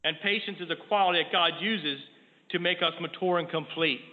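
A middle-aged man delivers a sermon in a steady, earnest way, lifting his voice whenever he reads scripture. His voice sits a little high for a man. The sound is thin and phone-like, with a long reverb trailing through a church sanctuary. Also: a little fast. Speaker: preacher. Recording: tinny lo-fi sound in a long-echo hall with faint noise.

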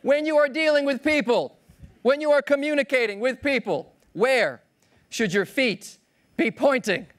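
A man's voice: very high voice, moderate pace, fairly bright tone. A man giving a playful keynote talk on stage, acting out little scenes and voices. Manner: playful, acts out voices of others. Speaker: keynote speaker. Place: large conference hall stage.

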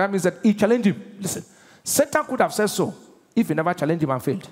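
A man's voice: high voice, animated, fast, darkish tone. A Nigerian man preaching a sermon as pastor, emphatic and constantly quizzing his congregation. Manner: emphatic, keeps asking the congregation questions. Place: large church auditorium. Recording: long reverb of a large church hall.

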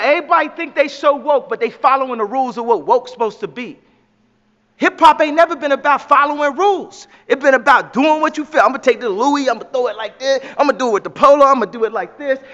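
A man's voice: very high voice, animated, fairly quick, pushed and bright, in a large hall, muffled recording. A man speaking as an interview guest in a slangy, emphatic, preachy way. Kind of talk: impassioned preachy talk.

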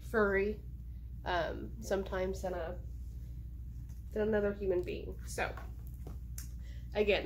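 A woman librarian reading a picture book aloud slowly and coaxing her pets in a gentle voice. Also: a little high, background noise. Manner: slow, drawn-out reading of the story lines. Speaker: children's librarian.

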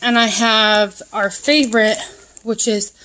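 A woman's voice: on the high side, steady tone, slow, sharp tone, a little hiss or hum, low-quality recording. A woman vlogging a casual grocery haul at home, chatting as she lists each item one after another. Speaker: mom vlogger.

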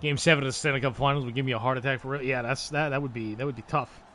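A man live-streaming commentary on a hockey video game simulation, talking to his chat, swearing freely and breaking into loud exasperated outcries. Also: medium pitch, steady tone, racing, slight background noise.

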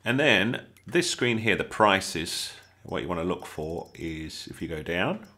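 A man with an English accent narrates a gameplay tutorial over his own playing. His voice sits fairly low but swings widely in pitch. It has a bright, forceful edge, and he drifts into excitable jokes along the way. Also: measured pace. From England. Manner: chatty, excitable, jokey asides. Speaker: gaming YouTuber.

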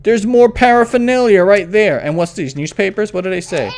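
A man's voice: high-pitched, a little fast, hardly any pauses, a little mellow. A young man talks through a horror game. He is jumpy, swears a lot and scolds an unseen baby as if he were its parent. A faint hiss sits under the voice. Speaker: gaming YouTuber.

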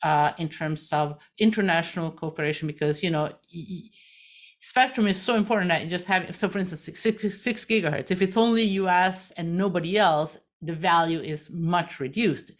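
Woman panel moderator, low-set voice, halting and filler-heavy, webinar tone. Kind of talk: live webinar discussion.

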